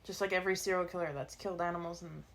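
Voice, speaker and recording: A woman co-hosting a true-crime podcast, recounting cases in a relaxed, rambling way. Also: lowish voice, rapid-fire. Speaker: podcast co-host. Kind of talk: casual storytelling chat.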